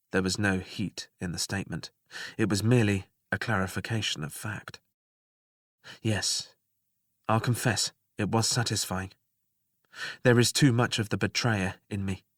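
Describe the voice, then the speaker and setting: A man reading a story aloud as a first-person narrator in a slow, restrained, scripted way. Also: fairly low pitch, a bit bright, no room sound, clean studio sound. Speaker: audiobook narrator.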